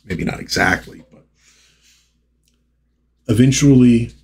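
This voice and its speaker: A man's voice: deep voice, moderate pace, darkish tone, slight background noise. A man casually reviewing an old comic book and reading its panels aloud, chatty and full of asides and fillers.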